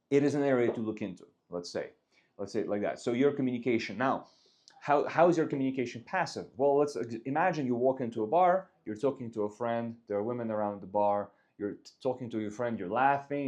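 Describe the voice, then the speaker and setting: A man's voice: on the low side, darkish tone. A man giving casual dating advice, talking loosely through examples.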